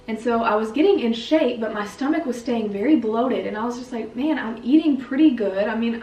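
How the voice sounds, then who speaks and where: A vlogger in her twenties chats candidly to camera at home, saying "like" a lot. Her voice is a little high with a darkish tone, picked up by a distant mic, a little off-mic. The room is echoey, with faint music.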